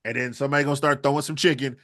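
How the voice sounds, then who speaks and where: A man's voice: mid-range voice, fairly even intonation, rapid-fire, a bit bright. A man co-hosting a wrestling podcast, ranting in a profane, rambling comic riff. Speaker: podcast co-host. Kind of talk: comedic rant.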